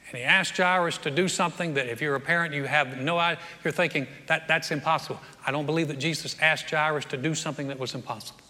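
A man's voice: a little high, fairly even intonation, quick pace, few pauses, sharp tone. A man preaching a sermon in a folksy, joking, conversational way, now and then acting out what people say. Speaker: pastor. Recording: reverberant hall.

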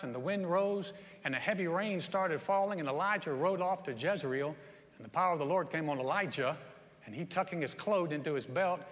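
Folksy preacher, bright voice in a hall. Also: male voice, a little high. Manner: folksy storytelling, acts out quotes with rising energy. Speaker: pastor. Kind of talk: sermon. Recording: long hall reverb.

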